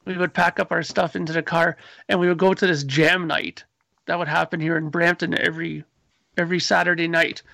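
Creaky high-voiced man telling stories. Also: fairly quick, dry recording. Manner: animated storyteller, acts out his own past lines. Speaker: musician guest. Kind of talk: casual chat.

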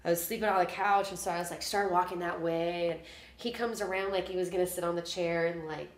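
A woman's voice: fairly low pitch, steady tone, fast. Chatty woman in an echoey room. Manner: chatty storyteller, acts out quotes. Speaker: musician guest. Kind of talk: casual chat.

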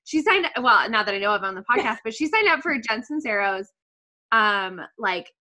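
Casting: young woman, bright and clear, chatty, swears, gets emotional while telling stories. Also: on the high side, sing-song. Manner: emotional, swearing, quick storytelling. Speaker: podcast guest, author. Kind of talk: casual podcast chat.

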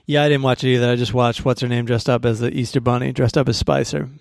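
A man's voice: mid-range voice, steady tone, fast, creaky, no echo, clean studio sound. A man co-hosting a podcast, joking and mocking in casual chat, acting out other people as he tells stories. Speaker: podcast co-host.

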